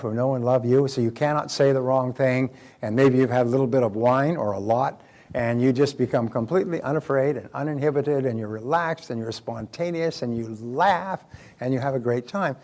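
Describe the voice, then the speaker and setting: A man's voice: medium pitch, darkish tone. An older man speaking as a motivational speaker, telling anecdotes in a conversational seminar talk with frequent restarts.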